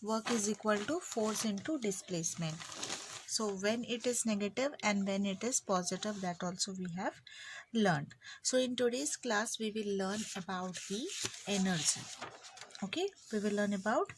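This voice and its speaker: An Indian English woman teaches a physics lesson online. She talks casually and plays her students' remarks in a joking way. Her voice sits in a middle pitch, with a faint hiss behind it. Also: moderate pace. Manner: chatty, acts out students' lines teasingly.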